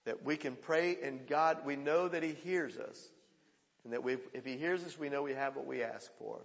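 A male pastor preaching a sermon, swinging between loud calls and hushed quoted lines. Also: medium pitch, normal speed, vocal fry, long reverb tail.

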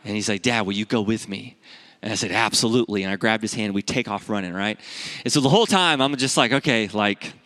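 Man, pastor, sermon, bright forceful voice, conversational storytelling, animated quoted dialogue. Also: fast talker. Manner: animated storytelling, rising in pitch when acting out dialogue.

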